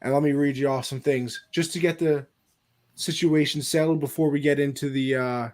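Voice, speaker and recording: A man with a slightly raised pitch runs a casual mock draft show as its commissioner. He teases his co-hosts and then reads trades in a mock announcer voice. His delivery is loose and playful. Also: fairly even intonation, moderate pace, darkish tone. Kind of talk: casual online show hosting.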